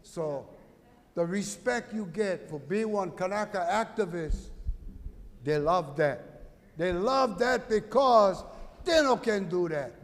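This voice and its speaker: Impassioned Hawaiian Pidgin man, slow and high. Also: expressive, long reverb tail. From Hawaii, Big Island. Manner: impassioned, swings from loud to quiet. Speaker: activist speaking at a conference. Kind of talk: conference talk.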